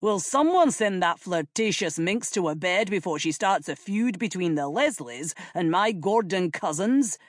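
A commanding young king barks orders in a loud, blustering voice, played by a woman reading aloud. He speaks slowly with lively swings in pitch, in a dry, close sound. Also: no room sound. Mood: imperious. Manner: blustering, imperious. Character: King James, commanding young royal man.

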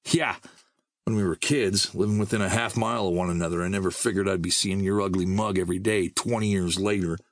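A man's voice: low voice, steady tone, a little fast, no echo, clean studio sound. Man doing a snappy, scornful young scavenger. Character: sarcastic hot-tempered young male wasteland scavenger.

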